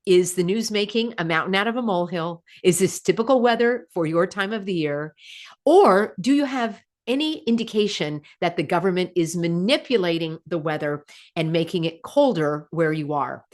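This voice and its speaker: A woman hosting her own broadcast, talking in a chatty, animated way and laughing often. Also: fairly low pitch, normal speed. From United States. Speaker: host. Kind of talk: casual broadcast commentary.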